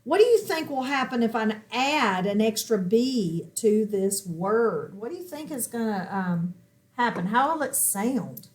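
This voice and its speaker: Slow steady lady teaching phonics, kinda high voice, asks stuff then answers it herself. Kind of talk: recorded classroom lesson at a whiteboard.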